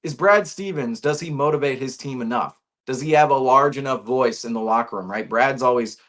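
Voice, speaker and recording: A man's voice: medium pitch, a little fast. A man hosting a sports talk show, giving his opinions in a casual, ranting way, full of restarts and rhetorical questions. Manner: animated, ranting, many restarts and rhetorical "right?". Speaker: sports podcast host.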